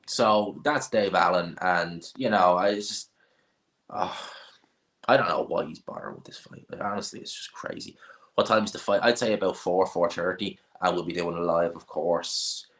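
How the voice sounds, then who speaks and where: Brief: male stream host, fairly low voice, blunt, rambling, opinionated. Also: moderate pace, fairly bright tone. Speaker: boxing channel host. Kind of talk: casual live stream chat.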